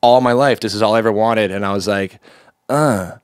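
A young man from Montreal, a stand-up comedian, telling stories in a casual podcast chat with high energy and a lot of swearing. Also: fairly even intonation, fast talker, clear, resonant tone, dry recording, studio quality. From Montreal, Canada. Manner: high-energy, manic, swears freely, bursts into impressions.

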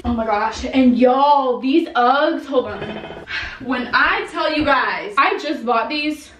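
Young female vlogger, chatty and animated, bright-ish voice, roomy echo, camera a bit far off. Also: a little high, slight background noise. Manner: chatty, animated, talks to herself. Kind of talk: casual vlog chat to camera. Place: home. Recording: echoey room, camera at a distance.

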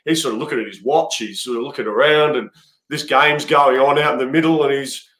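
A man's voice: mid-range voice, fairly even intonation, fairly bright tone. Aussie guy rambling thru a story, lots of restarts, echoey room. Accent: Australian. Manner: rambling, halting, many restarts. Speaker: guest, cricket head coach. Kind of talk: casual interview storytelling. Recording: roomy echo.

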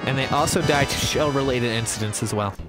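A man giving casual gameplay commentary, swearing and joking, slipping into quick mock voices for the game villain. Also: medium pitch. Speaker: let's play commentator. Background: game music.

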